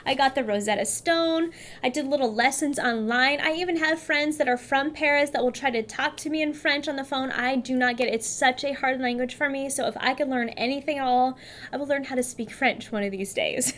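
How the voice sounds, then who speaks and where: Friendly woman from California, casual to-camera vlog chat, a touch high-pitched. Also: a bit bright. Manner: chatty, upbeat, addresses viewers directly. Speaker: beauty vlogger.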